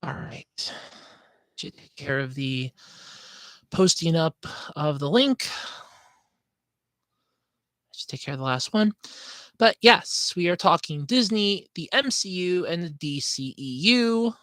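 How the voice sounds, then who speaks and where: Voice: mid-range voice, animated, slow, pauses often, fairly bright tone, no room sound. A podcast host talking casually on a livestream, rambling, scatterbrained and apologetic, ranting in frustration.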